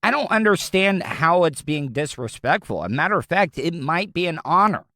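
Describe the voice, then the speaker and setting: A man's voice: fairly high pitch, sing-song, normal speed, pushed and bright, no echo, studio quality. A man with a Southern American accent, hosting his own podcast with blunt, rambling opinions. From Southern United States. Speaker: podcast host. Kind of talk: casual opinion talk.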